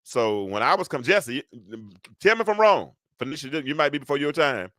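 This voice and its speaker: A man in his fifties hosts a live call-in show in a rambling, animated way, with a bright, forceful tone. The sound is close and dry, with almost no room around it. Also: a little high, fairly quick, no room sound. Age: 50s. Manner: rambling, animated, talks back to callers and chat. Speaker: show host.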